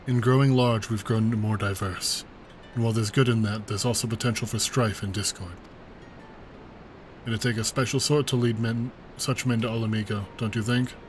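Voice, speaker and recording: A man voicing an older male resistance commander while reading game dialogue aloud, earnest and measured. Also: fairly low pitch, steady tone, a little hiss or hum, lightly acted, low-quality recording.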